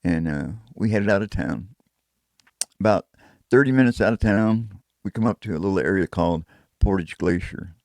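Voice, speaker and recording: A man telling his own story in a casual, rough and profane way, chuckling now and then. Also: sits low, moderate pace, darkish tone, dry recording. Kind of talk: casual first-person storytelling.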